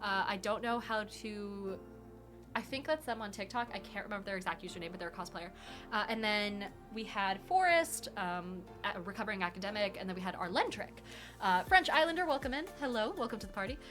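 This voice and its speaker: A woman hosting a live question-and-answer stream, talking very fast in casual, rambling chat with lots of fillers. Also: medium pitch, expressive, a bit bright, soft background music. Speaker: livestream host answering tabletop game questions.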